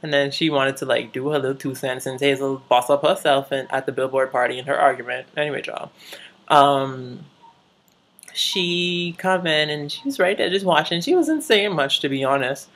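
A woman with a low, husky voice talks loosely through a TV recap on her vlog. She swears freely, drifts between thoughts and keeps breaking into laughter. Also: moderate pace, a bit bright. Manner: profane, chatty, laughs often. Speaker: vlogger. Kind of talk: casual TV recap chat.

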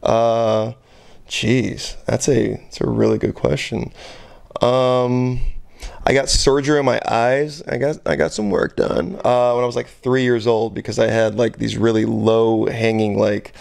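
A man's voice: mid-range voice, fairly even intonation, a little slow, gravelly, a little mellow. A man in his thirties, a guest on an interview show, telling a story in a rambling, hesitant way with many fillers. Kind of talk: casual interview chat.

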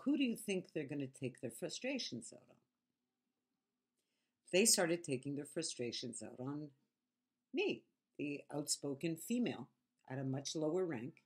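A woman's voice: low-pitched, a little mellow. A woman vlogger telling her story in a casual monologue, frank, sarcastic and emphatic.

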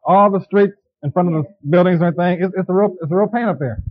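It's a pastor's sermon, delivered by a man with a notably high voice who talks conversationally and turns to the congregation with quick questions. The tape-like audio is dull and lo-fi, as if from an old church service.

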